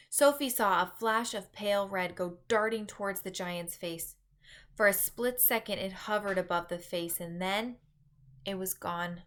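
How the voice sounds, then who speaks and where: A woman teacher reading a children's book aloud with expressive, dramatic narration. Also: mid-range voice. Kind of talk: read-aloud storytelling.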